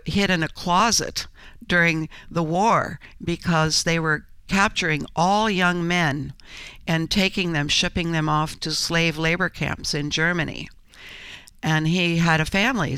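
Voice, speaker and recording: An older woman telling her story as an interview guest, earnest and halting, with frequent restarts. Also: sits low, bright, forceful tone, clear, resonant tone, no echo. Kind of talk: interview conversation.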